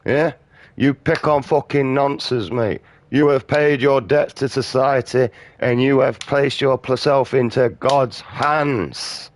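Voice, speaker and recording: A man's voice: mid-range voice, fairly even intonation, slow pace, dry recording. A British man giving casual, profane, ranting commentary while playing a video game. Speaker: gaming streamer. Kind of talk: casual commentary over gameplay.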